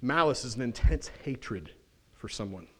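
A man preaching a sermon as pastor in a church, in a folksy, animated way with casual slang and quick asides. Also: mid-range voice, a little hiss or hum.

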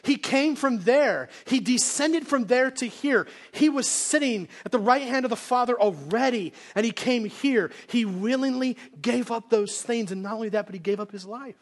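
High-voiced man preaching conversationally. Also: moderate pace, few pauses. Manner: casual conversational preaching, acts out quotes. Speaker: pastor. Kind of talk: sermon. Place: church sanctuary, live congregation.

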